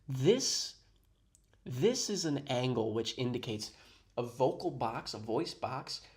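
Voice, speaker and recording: Sarcastic man reacting to a video. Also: mid-range voice. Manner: mock-serious, sarcastic. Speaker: reaction commentator.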